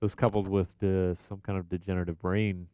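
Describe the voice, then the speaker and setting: A male co-host with a low, smooth voice chats in a dry, wry way and pauses often. He sits close to his own mic, so the sound is dry and intimate. His manner is hesitant rather than showy. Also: level tone, dark tone, dry recording. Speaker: podcast co-host. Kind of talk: casual chat. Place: remote, outside the studio. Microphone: close to his own microphone.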